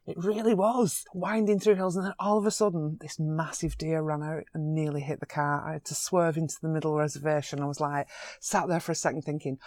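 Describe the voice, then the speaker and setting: A woman photographer, telling animated anecdotes in an interview and laughing easily. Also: deep voice, no echo, studio quality. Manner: animated, excitable storyteller with quick laughs.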